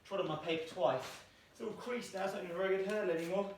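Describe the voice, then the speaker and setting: A man's voice: sits high, fairly even intonation, quick pace, a little hiss or hum. A man teaching a home exercise lesson, counting out jumps while doing them and getting out of breath. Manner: counting reps aloud while jumping. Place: small room at home. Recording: echoey room, mic far off.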